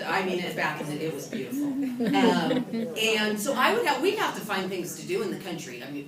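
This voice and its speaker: A woman from California gives a humorous motivational talk to an audience, telling stories about herself with a lively, self-mocking manner. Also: lowish voice. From California, USA. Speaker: author and event speaker. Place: event hall with an audience. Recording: echoey room from a distant mic with noise.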